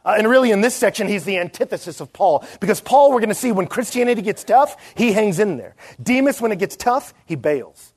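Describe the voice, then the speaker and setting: A middle-aged man delivering a sermon, his voice sitting high for a man. He tells stories with energy and acts out the people he quotes. It is a church talk for a conference. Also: lively intonation, brisk, hardly any pauses, a little mellow. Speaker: pastor.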